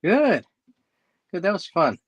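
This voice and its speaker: A man, an actor and guest, chatting in a relaxed, easygoing way about a shoot on a video call. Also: sits high, slightly rough. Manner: relaxed and easygoing, quick to praise. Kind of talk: casual chat on a video call.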